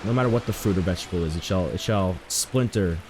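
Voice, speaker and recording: A man's voice: deep voice, fast, noisy background. A young man chatting casually while streaming a game, joking, rambling and telling stories to his chat. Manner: joking, rambling, animated storytelling.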